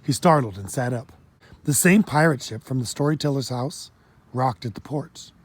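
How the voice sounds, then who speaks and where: A man reading a children's storybook aloud in a steady, plain storytelling manner. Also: medium pitch, moderate pace, husky. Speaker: audiobook narrator. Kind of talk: storybook narration.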